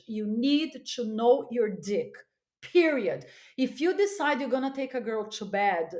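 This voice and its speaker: A woman guest on a podcast telling a candid, animated story, often laughing and repeating words for emphasis. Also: on the high side.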